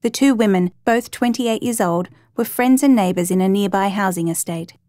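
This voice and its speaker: A woman narrating a true crime story in a steady, measured reading voice. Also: medium pitch, no echo, studio quality.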